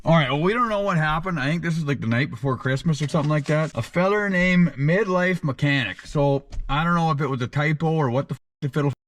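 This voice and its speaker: A man's voice: fairly high pitch, fast talker, hardly any pauses, a bit bright. A man hosting his own channel, reading out supporters' names in a casual, crude, joking way, full of slang. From Canada. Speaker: channel host. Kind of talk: casual patron shout-outs.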